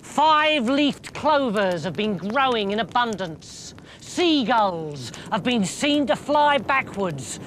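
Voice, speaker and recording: A man voicing a pompous old shepherd who speaks in a slow, grand, prophetic way, over music. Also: extremely high pitch, sing-song, fairly bright tone, slight background noise, pitched above the performer's own voice, heavily acted. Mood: solemn.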